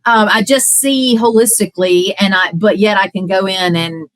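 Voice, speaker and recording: A woman's voice: mid-range voice, moderate pace, low-quality recording. A woman coach in a podcast conversation, earnest and talking in long, flowing run-on sentences.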